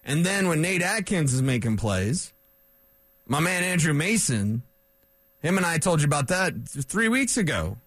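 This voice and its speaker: A man's voice: on the high side, normal speed, breathy edge, dry recording. A man hosting a sports talk radio show in a studio, ranting and cracking jokes with rambling asides. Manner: animated, wisecracking, rambling asides.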